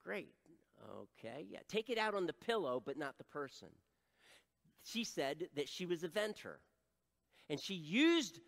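A middle-aged male pastor preaching an animated sermon, acting out voices and adding self-deprecating asides. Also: a little high, in a large hall.

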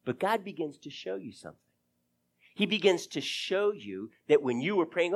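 Man, pastor, sermon, animated preaching, hushed asides, lively rising and falling voice, slightly high. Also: moderate pace, husky.

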